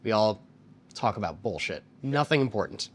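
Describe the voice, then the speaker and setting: A man in a casual interview, talking about restaurant work in a relaxed, rambling way full of fillers. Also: fairly low pitch, normal speed, slightly rough.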